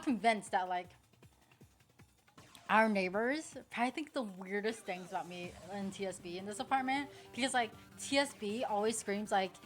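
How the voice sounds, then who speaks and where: A woman's voice: a little high, fairly bright tone. A young woman streamer chatting casually while playing online poker, rambling, swearing freely and laughing often.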